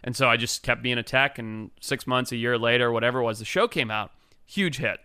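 Guy from africa telling wild stories, swears a lot, crisp and bright. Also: brisk, no room sound, clean studio sound. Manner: laid-back, swears, acts out quotes in high voices. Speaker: podcast guest, wildlife biologist. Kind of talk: casual storytelling chat.

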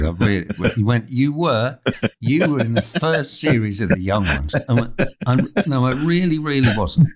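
A man's voice: on the low side, a little mellow. A man, a comedian guest on a talk show, telling comic anecdotes and acting out both sides of the dialogue.

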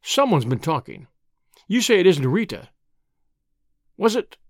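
A man's voice: high-pitched, big pitch swings, unhurried, no room sound, clean studio sound, heavily acted. A man reading an audiobook, voicing a bullying middle-aged businessman who snarls out his suspicious questions. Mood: grudging. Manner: snarling, forceful, impatient.

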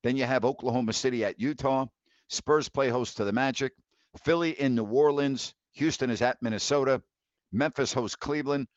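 A man's voice: mid-range voice, normal speed, dry recording. A man in his fifties hosting a live call-in sports talk show, ranting bluntly with laughs of disbelief and many restarts. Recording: dry, dull lo-fi mic.

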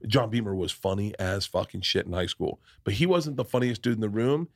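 A man's voice: lowish voice, a little fast, a bit bright. A man from the American South who hosts a podcast and tells rambling, profane stories in casual chat, often restarting his sentences. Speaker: podcast host.

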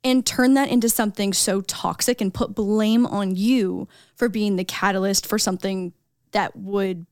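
A woman's voice: medium pitch, steady tone, normal speed, a little mellow, smooth, no echo, clean studio sound. A young woman co-hosting a podcast, chatty and emphatic, leaning on filler words. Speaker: podcast co-host. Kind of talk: casual podcast chat. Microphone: studio mic.

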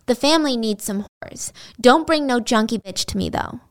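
A woman's voice: a little high, animated, normal speed, close to an everyday voice. Brief: swaggering young male pimp, crude slang, read by a woman storyteller. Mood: bossy. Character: brash young male pimp, cocky and cold.

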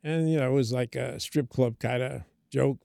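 A man's voice: medium pitch, moderate pace, creaky, no echo, studio quality. An older man, a comedian, telling a story in casual talk and acting out the quoted voices. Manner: animated anecdote telling, acts out quoted voices. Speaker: comedian guest.

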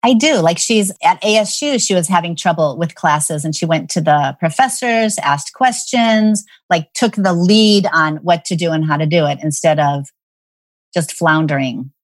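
A woman's voice: on the low side, normal speed, dry recording. Candid woman telling a parenting story. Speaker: parenting expert guest. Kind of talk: storytelling in a podcast chat.

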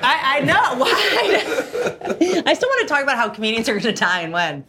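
A woman's voice: high-pitched, lively intonation, normal speed, a loud crowd. A woman comedian chatting as a guest, wry and rambling. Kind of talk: casual chat.

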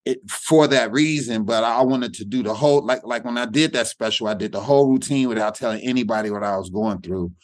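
With a mid-range voice and fairly quick delivery that hardly pauses, a middle-aged comedian recounts a personal story as an interview guest, circling and repeating words reflectively. There's no room sound.

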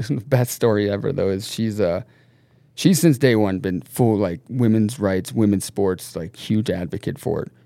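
Guest, male, raised between Norway and the US, gravelly, loose storyteller who swears. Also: fairly low pitch, no room sound. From Norway and the United States. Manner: animated storyteller, laughs often, swears casually. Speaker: podcast guest. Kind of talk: casual chat.

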